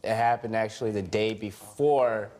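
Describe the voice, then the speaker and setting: A man's voice: on the low side, fairly even intonation, moderate pace, darkish tone. A man giving testimony in a TV courtroom, retelling a fight at length and acting out the lines he quotes. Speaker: husband in a TV court case.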